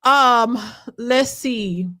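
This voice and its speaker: Woman, casual live stream host, animated storyteller, slightly high voice, swings between loud and hushed. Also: extremely slow. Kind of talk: casual storytelling and chat reactions.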